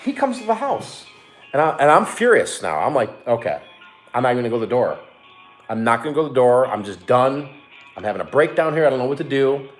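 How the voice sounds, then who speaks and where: A middle-aged man telling a story with a voice that leaps up and down in pitch. He swears freely and acts out what people said in quick bursts. Faint music sits under the talk. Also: sing-song. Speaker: online reseller and co-host. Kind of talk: casual storytelling chat.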